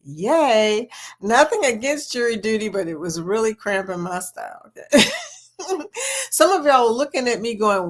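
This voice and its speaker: Woman, live stream host, bubbly, laughs a lot, fairly high voice, casual chat. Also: big pitch swings, normal speed. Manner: bubbly, greets chat members warmly, laughs often.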